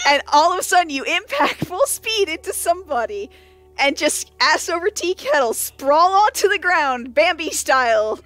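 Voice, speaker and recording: High-voiced woman, laughing game master. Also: moderate pace, no echo. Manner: laughs often while narrating, animated with many restarts. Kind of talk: narrating a tabletop game.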